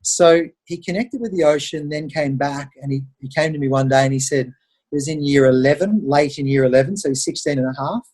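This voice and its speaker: A middle-aged Australian man, a podcast guest, telling stories in an animated, conversational way and acting out the voices of the people he quotes. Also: fairly high pitch, brisk. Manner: animated storyteller who acts out quoted voices. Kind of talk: conversational interview storytelling.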